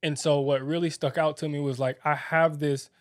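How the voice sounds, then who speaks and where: A man's voice: on the high side, level tone, no echo, clean studio sound. A young man co-hosting a married-couple podcast, talking candidly and reflectively, with many fillers and restarts. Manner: reflective, halting, filler-heavy. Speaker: podcast co-host.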